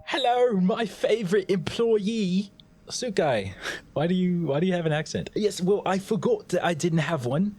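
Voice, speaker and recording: A man's voice: high-pitched, animated, normal speed, darkish tone, a little hiss or hum, voice pushed up. A man voicing a smug, condescending male boss with an odd put-on accent. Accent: unplaced put-on accent. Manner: condescending, mock-grand.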